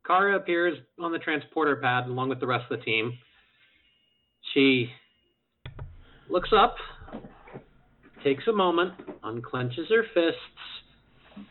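A man playing a tabletop role-playing game, describing his character's actions in a measured way. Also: fairly high pitch. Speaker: player. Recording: phone-like online call audio.

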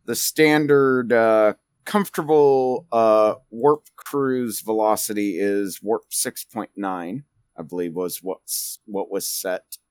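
A man running a tabletop game as game master, narrating scenes and calling for dice rolls. He rambles and pauses to find his words, and the sound is dry and close to the mic. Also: fairly low pitch, clear, resonant tone, no room sound. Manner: rambling, many fillers.

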